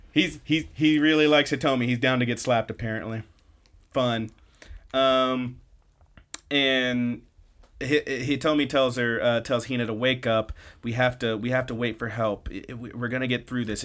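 A man of middle pitch co-hosts a podcast. He recaps the episode in a loose, chatty way and drops quick snippets of the characters' lines as he goes. He sounds relaxed and conversational. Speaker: podcast co-host.

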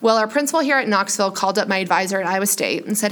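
A woman in her late twenties, a high school teacher, chatting casually on a podcast in a classroom, peppering her talk with "like.". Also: animated, racing, fairly bright tone. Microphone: headphone microphone.

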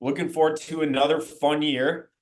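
Low-key hesitant podcast guy. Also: flat delivery, moderate pace. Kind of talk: casual chat.

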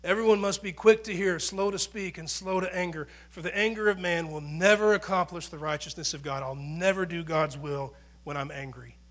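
A middle-aged male pastor with a high, bright, forceful voice delivers a conversational sermon. He talks earnestly, punching some phrases loudly and dropping others to near-quiet asides. A faint electrical hum sits under the recording. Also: normal speed, few pauses. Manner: conversational, earnest, swings between loud emphasis and quiet asides.

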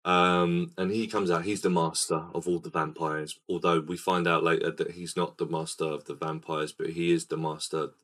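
A man hosting a casual film podcast, retelling scenes in a rambling, animated way. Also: sits low, normal speed, few pauses. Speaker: podcast host.

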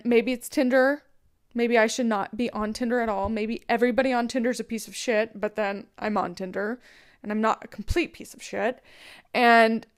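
A woman hosting her own podcast, ranting candidly about dating in a profane, heated, rambling way. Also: fairly high pitch. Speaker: podcast host. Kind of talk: candid solo podcast rant.

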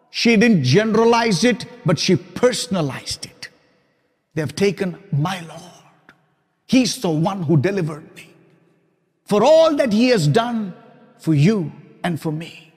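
A man preaching with a high, bright voice that rings out in a hall with a long reverb. He builds his points through repetition and lowers his voice almost to a whisper for quiet moments. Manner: emphatic preaching, dropping to soft whispers for quoted lines. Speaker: pastor. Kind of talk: sermon.

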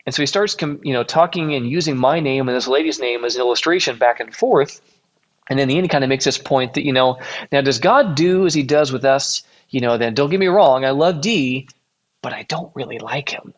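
A man's voice: mid-range voice, fairly quick. A young man from Illinois telling a rambling personal story in a casual way, correcting himself often along the way. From Illinois, USA. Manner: rambling, self-correcting, acts out quoted voices. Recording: dull lo-fi recording.

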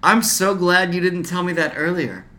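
A man's voice: sits high, moderate pace, bright, forceful tone, slight background noise. A young man co-hosting a podcast, joking and teasing his friend in casual chat. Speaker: podcast co-host.

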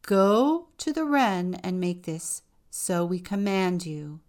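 A woman voicing a greedy, demanding peasant couple who give loud commands. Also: lowish voice, unhurried. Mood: commanding.

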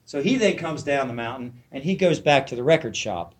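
A man's voice: medium pitch, lively intonation, fairly quick, few pauses. A man telling a teaching story to a small group, asking them questions and acting out what his characters say. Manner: storytelling, asks the listeners questions, acts out quotes. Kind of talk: spoken dharma talk to a small group.

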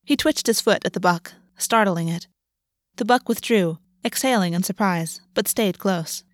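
A woman reads fantasy fiction aloud in a steady, measured narration. Her voice sits at a middle pitch. The recording is close and dry with no room sound. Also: no room sound. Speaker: audiobook narrator. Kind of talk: scripted narration of a fantasy novel.

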